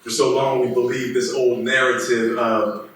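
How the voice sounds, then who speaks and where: A man's voice: mid-range voice, flat delivery, moderate pace. Pastor, man, in a very echoey room. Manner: retells scripture as a casual, modern-day story. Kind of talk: sermon. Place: church hall. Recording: very echoey room, distant mic, faint noise.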